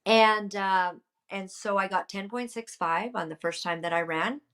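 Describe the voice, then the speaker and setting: A woman, a political candidate and podcast guest, retelling events in an emphatic, lively way with many fillers. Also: medium pitch, unhurried, clean tone. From Canada. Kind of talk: storytelling in a casual interview.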